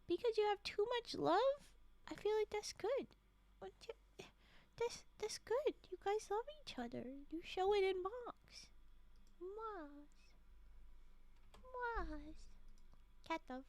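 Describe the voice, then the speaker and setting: Slow, high-voiced woman reading to chat. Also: darkish tone. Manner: chatty, giggly, breaks off reading to talk to chat. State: frog in the throat, slightly hoarse. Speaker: streamer reading holiday stories. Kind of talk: live-streamed story reading with chat asides.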